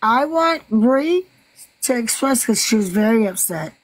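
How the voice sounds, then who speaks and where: Older Southern woman, livestream host, blunt and rambling, high-ish voice, dry close sound. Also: animated, measured pace, no room sound, low-quality recording. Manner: blunt, rambling, repeats herself. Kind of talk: casual livestream chat.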